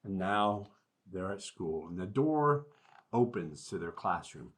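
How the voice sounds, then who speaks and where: A man's voice: low voice, very animated, slow pace. A man, a school superintendent, reading a picture book aloud to children and asking them questions as he goes. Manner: asks young listeners questions while reading.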